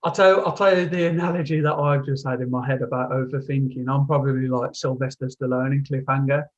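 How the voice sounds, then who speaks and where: A man's voice: mid-range voice, steady tone, lo-fi sound. A man in casual podcast chat, stumbling and restarting as he talks about himself. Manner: halting, stammering restarts. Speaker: podcast co-host.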